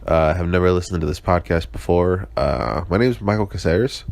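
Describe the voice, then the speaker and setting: A man's voice: sits low, a little fast, vocal fry, darkish tone, dry recording. A young man hosting his own casual podcast, hungover, sarcastic, rambling and swearing constantly with lots of fillers and restarts. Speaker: podcast host. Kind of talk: casual solo podcast check-in.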